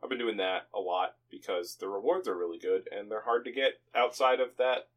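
A man co-hosting a podcast in casual chat, easygoing and quick to laugh along. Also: fairly low pitch. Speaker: podcast co-host.

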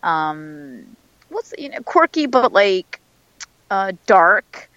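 A woman's voice: mid-range voice, sing-song, drawn-out words, fairly bright tone, dry recording, lo-fi sound. A woman, a voice actor, chatting casually in an interview, with lots of fillers and restarts. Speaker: voice actor guest.

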